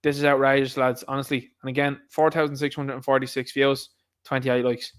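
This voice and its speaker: A man's voice: medium pitch, flat delivery, a little fast, clean tone. A man with an Irish accent giving a casual, ranting political commentary, sarcastic and exasperated.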